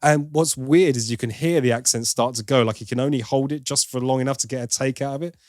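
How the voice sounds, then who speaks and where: A man's voice: medium pitch, fast, no room sound, studio quality. A man hosting a film review podcast, giving opinionated, wry critique in casual chat with plenty of asides.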